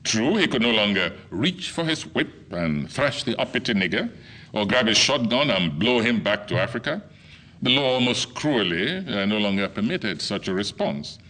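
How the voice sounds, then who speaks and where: Oratorical Nigerian-born man, low bright voice. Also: big pitch swings. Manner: measured, oratorical delivery with wide swings in emphasis. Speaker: lecturer. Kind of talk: formal lecture.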